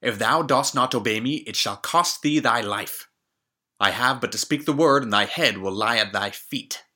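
A man's voice: mid-range voice, expressive, unhurried, sharp tone, full character voice. A man voicing a wicked, haughty princess bride who gives orders in old-fashioned speech. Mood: threatening. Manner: archaic commanding speech.

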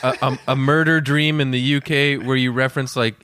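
A man co-hosting a comedy podcast, tossing out silly prompts with playful energy. His mid-range voice is bright and forward. The sound is dry and close. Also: mid-range voice, level tone, a little fast, smooth, no echo. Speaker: podcast co-host. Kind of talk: comedy interview banter.

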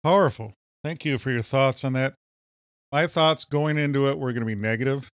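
A man's voice: mid-range voice, a little fast, clean tone, dry recording, studio quality. A man from Minnesota with a Minnesotan accent, co-hosting a podcast and telling stories with enthusiasm. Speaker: podcast co-host. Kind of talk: casual chat.

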